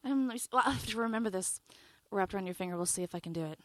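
A young American woman who plays music, telling stories on a radio show in a giggly, animated way. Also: medium pitch, racing. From United States. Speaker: musician guest. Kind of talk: casual radio chat.

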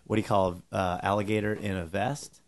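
A middle-aged man hosting a podcast and trading crude, teasing banter and jokes with a guest comic, often getting loud. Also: on the low side, level tone, brisk. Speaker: podcast host, comedian. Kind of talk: casual podcast chat.

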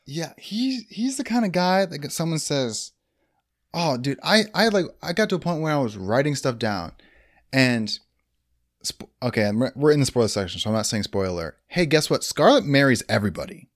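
Lively young-sounding man chatting about a movie. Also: medium pitch, moderate pace, no room sound, studio quality. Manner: enthusiastic, heavy use of "like" and "dude". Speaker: podcast co-host. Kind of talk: casual movie review chat.

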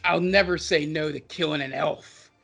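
A man's voice: on the high side, normal speed, creaky, a bit bright, faint music behind. A man voicing a huge armored male orc warrior who is blunt and hostile, in a tabletop game. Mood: menacing.

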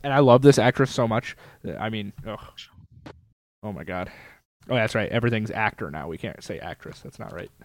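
A man's voice: fairly low pitch, a little fast, dry recording. A man co-hosting a casual chat, teasing and playful, laughing often. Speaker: podcast co-host.

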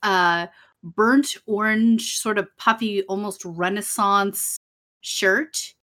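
A woman's voice: medium pitch, fairly even intonation, takes it slowly, fairly bright tone. Young female co-host, mid-range voice, dry wit, sarcastic casual recap. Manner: wry, sarcastic, laughs often. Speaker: podcast co-host. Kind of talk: casual chat recapping an episode.

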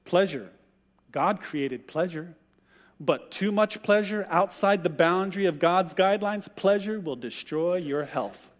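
A male pastor preaching a sermon, an animated storyteller who acts out the voices he quotes. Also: sits high, unhurried, big-room sound.

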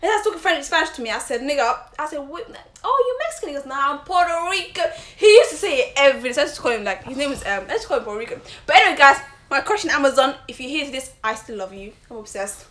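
A young woman co-hosting a casual podcast chat, telling stories in an animated way with plenty of laughter. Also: sits high, very fast, hardly any pauses. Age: young adult. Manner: animated storytelling with frequent laughter. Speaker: podcast co-host.

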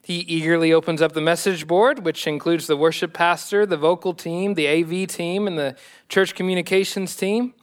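A man's voice: a little high, fairly even intonation, moderate pace, clear, resonant tone. A male pastor delivering a sermon with self-deprecating humor.

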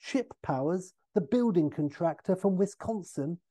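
A man's voice: sits high, animated, unhurried, dark tone, no echo, voice pushed up. A man voicing a stuffy older male British spy chief who keeps correcting his agent insistently.

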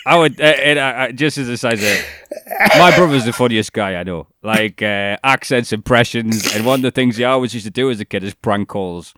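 A man's voice: mid-range voice, normal speed, background noise. Laughing, rambling man. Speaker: podcast co-host. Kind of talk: casual chat.

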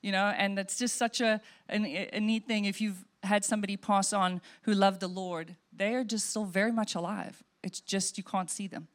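A woman pastor preaching an expressive sermon, shifting between soft, tender passages and emphatic ones. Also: medium pitch, normal speed, hardly any pauses.

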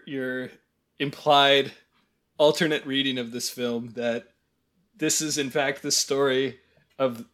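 A man with a mid-range, somewhat bright voice co-hosts a podcast in casual chat. He gives wry, rambling movie critique and laughs often.

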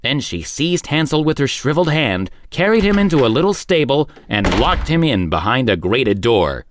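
Expressive male storybook narrator. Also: mid-range voice, moderate pace, noisy background. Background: background music.

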